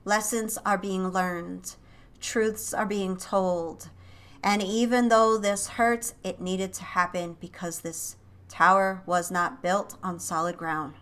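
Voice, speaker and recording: A woman reading tarot for her viewers in a bright, forceful voice. She is emotive and breaks in with exclamations as she channels what she senses. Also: mid-range voice, steady tone, takes it slowly. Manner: emotive, exclaiming as impressions come in. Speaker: tarot reader and psychic channel. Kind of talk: intuitive tarot reading to camera.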